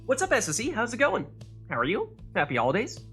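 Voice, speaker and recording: A man's voice: very high-pitched, huge pitch swings, fast, a bit bright, soft background music. A man hosting a community game livestream, casting matches and chatting with players in an upbeat, friendly way. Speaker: stream host and caster. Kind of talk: casual livestream commentary.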